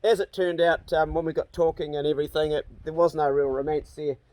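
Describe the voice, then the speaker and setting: A man hosting a casual chat, spinning an animated yarn with some swearing. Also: a little high, a little fast, dry recording. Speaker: host.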